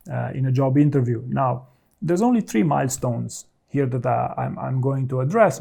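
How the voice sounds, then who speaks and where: A man's voice: medium pitch, creaky, warm tone. A man working as a career coach, talking straight to the viewer and giving direct, instructive advice. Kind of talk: advice talk to camera.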